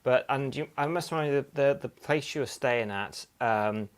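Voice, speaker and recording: A man hosting an interview, setting up questions in a halting way with restarts. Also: medium pitch, clear, resonant tone. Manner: halting, stumbling over his words as he sets up questions. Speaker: host.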